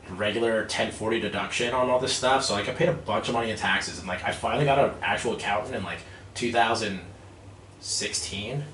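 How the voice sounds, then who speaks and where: Male guest, 30s, animated storyteller, heard from a distance in a roomy space. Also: lowish voice. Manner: animated, laughing, lots of fillers. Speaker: guest, real estate developer. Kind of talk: casual storytelling. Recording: echoey room, distant mic, faint noise.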